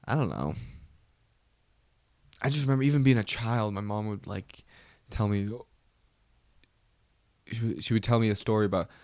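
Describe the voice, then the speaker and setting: A man's voice: fairly low pitch, normal speed, long pauses, darkish tone, no room sound, studio quality. A man hosting a casual solo podcast, rambling, with many restarts and trailing fillers. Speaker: podcast host.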